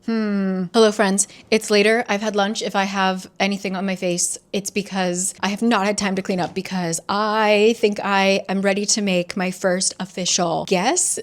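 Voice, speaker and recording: A woman's voice: mid-range voice, level tone, moderate pace, few pauses. A young woman talks through a thriller she is reading in a casual vlog. She is chatty, fills her talk with "like", and slips into the characters' lines as she retells the plot. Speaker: book vlogger.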